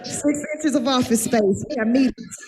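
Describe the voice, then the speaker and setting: Brash high-voiced woman comic. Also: normal speed, noisy background. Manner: brash, profane, animated storytelling. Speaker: stand-up comedian. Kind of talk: stand-up comedy routine. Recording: live show with audience laughter.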